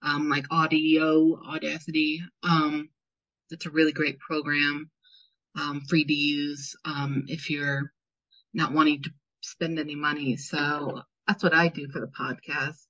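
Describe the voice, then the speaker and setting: A woman co-hosting a podcast, giving practical tips in a relaxed, casual way. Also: deep voice, measured pace. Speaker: podcast co-host. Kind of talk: casual chat. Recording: dull lo-fi sound.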